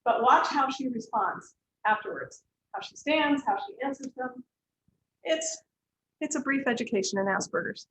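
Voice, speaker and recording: A middle-aged woman gives a lecture on counseling, explaining directly and illustrating points with examples. Her voice sits fairly high. The sound is roomy, with a faint hiss underneath. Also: lively intonation, normal speed, fairly bright tone. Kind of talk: lecture to students. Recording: echoey room, faint background hiss.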